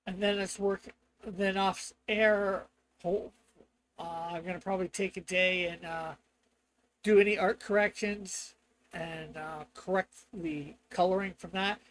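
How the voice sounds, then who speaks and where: A man's voice: high-pitched, fairly even intonation, takes it slowly, a bit bright, slight background noise, low-quality recording. A man from Canada, a comic artist chatting casually on a live stream while he colors, rambling and reading the chat aloud with frequent chuckles.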